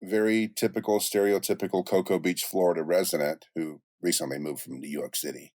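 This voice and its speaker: Deep voiced middle-aged guy rambling thru an interview, dry close sound. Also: a little fast, dry recording. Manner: relaxed storyteller, many restarts and asides. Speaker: voice actor and music producer guest. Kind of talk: casual interview chat.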